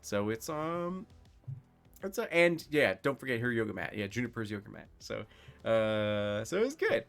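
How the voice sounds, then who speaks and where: A man acts as game master for a streamed tabletop role-playing session, easygoing and full of little fillers as he sets the scene. Soft music plays faintly behind him. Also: medium pitch, moderate pace, creaky. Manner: relaxed, filler-heavy talk.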